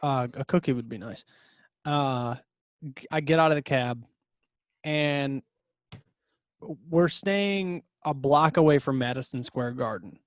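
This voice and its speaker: A man's voice: medium pitch, measured pace, pauses often, no echo, clean studio sound. A young man co-hosting a casual podcast, telling a story with lots of laughs. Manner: animated storyteller, laughs often. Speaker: podcast co-host. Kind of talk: casual chat.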